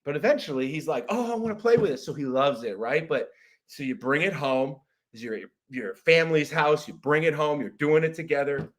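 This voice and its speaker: A young adult man hosting a comedy podcast, ranting in an exasperated, profane monologue and jumping into loud shouted impressions. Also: on the high side, moderate pace. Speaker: podcast host.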